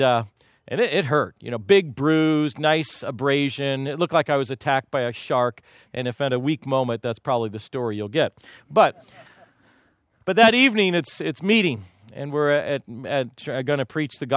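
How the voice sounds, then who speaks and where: Speaking at a medium pitch, this man from Kansas delivers a sermon built on humorous, homespun anecdotes about his own experiences. The sound is clean studio audio with no echo.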